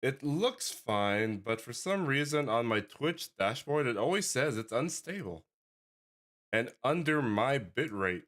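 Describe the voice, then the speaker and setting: A man's voice: medium pitch, sing-song, a little slow, a bit bright. A man chatting casually while streaming a game and reading its lines aloud. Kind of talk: casual gameplay commentary and voice acting.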